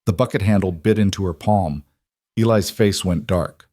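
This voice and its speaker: Low-voiced man narrating a story. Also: normal speed, darkish tone, dry recording, clean studio sound.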